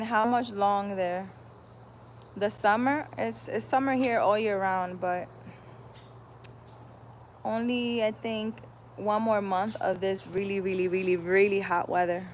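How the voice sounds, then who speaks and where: A woman's voice: medium pitch, a little hiss or hum. Chatty woman livestreaming outdoors. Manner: chatty, greets viewers by name, loose and rambling. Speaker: livestream host and spiritual healer. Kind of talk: casual livestream chat, reading viewer comments.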